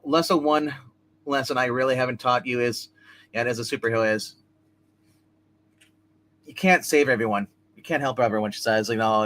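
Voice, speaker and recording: Bright-voiced man rambling through a comic recap. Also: mid-range voice, low-quality recording. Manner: rambling recap with many fillers and restarts. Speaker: comic review show host. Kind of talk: casual live comic review.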